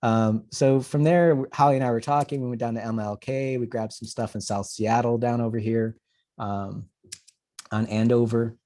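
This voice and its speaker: A man, an urban planner, giving a webcast presentation and telling stories with a lively, animated delivery. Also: medium pitch, moderate pace. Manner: animated storyteller who acts out conversations. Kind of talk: presentation webcast, data-driven storytelling.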